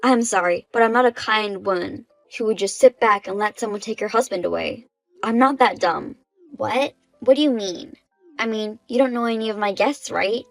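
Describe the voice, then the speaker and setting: Woman as a wronged wife, mid-pitched, plain delivery, faint music under. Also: normal speed, vocal fry, no echo, low-quality recording. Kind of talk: dubbed story drama narration.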